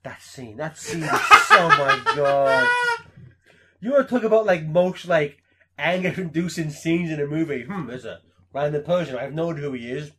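A man co-hosting a podcast in casual chat, animated and swearing, laughing as he acts out quotes. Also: on the high side, normal speed, background noise. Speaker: podcast co-host.

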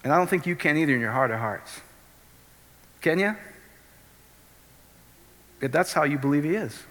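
A middle-aged man preaching a sermon, animated and often checking whether his listeners follow. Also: on the high side, normal speed. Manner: animated, keeps asking the crowd if it makes sense. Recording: long hall reverb.

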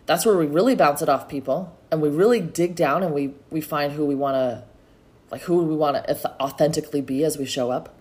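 A middle-aged woman hosts a solo motivational podcast in a low, brisk, slightly mellow voice. She talks in a chatty, encouraging way and calls her listeners y'all.

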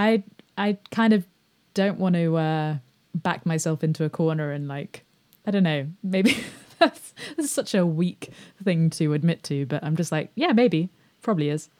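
Woman, lowish voice, podcast host, hesitant and giggly in loose conversation. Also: lively intonation, normal speed, a little mellow. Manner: hesitant, laughs often, many fillers. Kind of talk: casual conversation.

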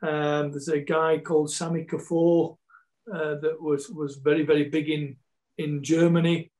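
A man's voice: on the high side, flat delivery, unhurried, a little mellow, rough recording. Man with a Yorkshire Scottish accent. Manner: rambling with many repeats and restarts. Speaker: football coach and pundit guest. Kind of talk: casual chat, storytelling.

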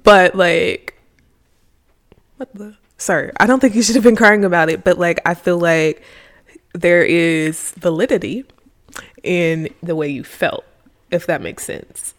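A woman's voice: lowish voice, measured pace, long pauses. A young woman co-hosting a podcast, giving opinions casually and hedging as she thinks aloud. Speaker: podcast co-host. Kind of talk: casual chat.

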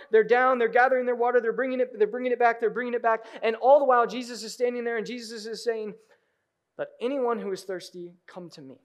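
A high-voiced man delivers a sermon from the pulpit of a church. He drops to near-whispers, then rises to loud, urgent appeals to the congregation. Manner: dynamic preaching, swings from hushed to loud. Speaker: pastor. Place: church sanctuary.

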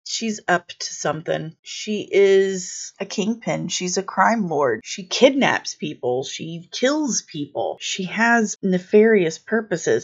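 A woman's voice: on the low side, lo-fi sound. A woman recapping a comic book story in a casual, playful vlog, full of silly asides.

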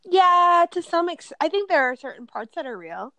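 A young woman in her twenties, co-hosting a podcast and chatting in a playful, animated way. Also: extremely high pitch, moderate pace, no echo. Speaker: podcast co-host. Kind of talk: casual chat.

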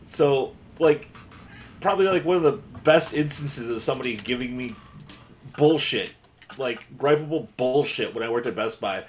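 A man co-hosting a casual podcast chat over a remote call, telling a story in a profane, animated way. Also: medium pitch, normal speed, slight background noise. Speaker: podcast co-host. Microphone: remote video call.

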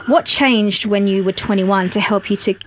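A woman's voice: mid-range voice, fairly even intonation, moderate pace, slight background noise. A woman hosting an interview, gushing in her manner. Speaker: interview host. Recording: music playing underneath. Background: music.

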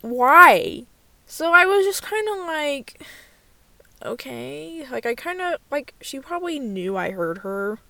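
Slow-talking young woman ranting from her car. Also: high voice, very animated, creaky, a bit bright, dry recording. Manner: candid, sweary, full of "like" fillers. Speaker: vlogger. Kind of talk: casual storytime chat. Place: inside a parked car.

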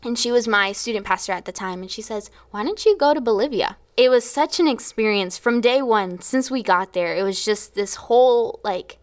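A young adult woman telling a personal faith story in conversation, animated and often laughing. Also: fairly high pitch, moderate pace, hardly any pauses. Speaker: guest sharing testimony.

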